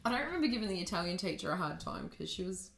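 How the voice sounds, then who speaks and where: A woman's voice: lowish voice, sing-song, rapid-fire, a bit bright. A young Australian woman co-hosting a podcast, telling stories in loose casual chat full of "like" and laughter. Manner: chatty storytelling, heavy use of "like", laughs often. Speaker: podcast co-host.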